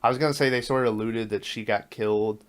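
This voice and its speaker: A man's voice: mid-range voice, steady tone, fast talker, clean tone. A man co-hosting a movie podcast, talking in a loose, laid-back way and swearing often. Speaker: podcast co-host. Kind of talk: casual movie chat.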